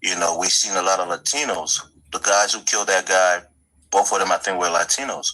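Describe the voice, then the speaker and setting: Deep-voiced man arguing earnestly. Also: steady tone, bright, forceful tone, rough recording. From Minneapolis area. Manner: earnest, halting with many restarts. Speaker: debate guest. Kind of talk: political debate.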